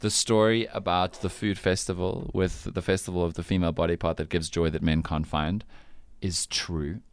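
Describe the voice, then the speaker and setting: Animated man hosting a news quiz. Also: deep voice, moderate pace, clear, resonant tone, no echo. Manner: animated, teasing, laughs often. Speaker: radio show host.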